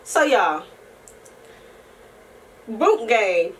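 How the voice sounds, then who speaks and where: A young woman vlogging in a casual, rambling chat to camera, slangy and profane, often laughing and sometimes breaking into soft singing. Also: medium pitch, big pitch swings, very slow, far from the mic, slight background noise.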